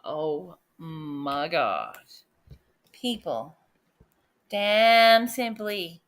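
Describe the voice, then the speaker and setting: A woman hosting a casual livestream, excitable and chatty, jumping from loud exclamations to quiet muttering. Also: lowish voice, extremely slow. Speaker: livestream host.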